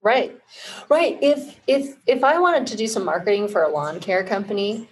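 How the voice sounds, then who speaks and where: A woman who founded a marketing agency, a guest in an interview, explaining ideas in a measured, teacherly way with examples. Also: medium pitch, a little hiss or hum, rough recording. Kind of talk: casual interview chat.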